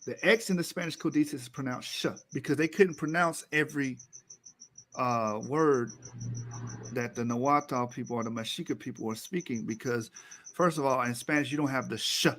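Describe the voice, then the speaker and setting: A man co-hosting a talk, presenting slides in a lecture style. He is emphatic, repeating key words and climbing in pitch when he drives a point home. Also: moderate pace, fairly bright tone, slight background noise.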